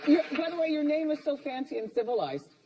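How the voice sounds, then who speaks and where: A woman's voice: high voice, very animated, fast talker, very noisy. A woman hosting a daytime talk show, chatting and teasing her guest in a brash way. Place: TV studio with live audience. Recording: studio audience, mic at a distance.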